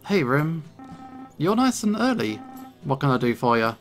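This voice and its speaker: A man's voice: fairly high pitch, big pitch swings, moderate pace, soft background music. A man voicing a friendly woman shopkeeper who brews potions in a video game, speaking in an easygoing, knowing way.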